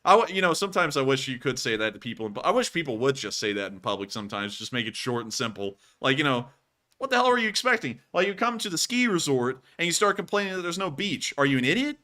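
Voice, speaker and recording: Sarcastic male host, bright ringing voice, animated reactions. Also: mid-range voice, fast. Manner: sarcastic, animated, mocking voices when reading. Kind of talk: casual chat reading reviews and super chats.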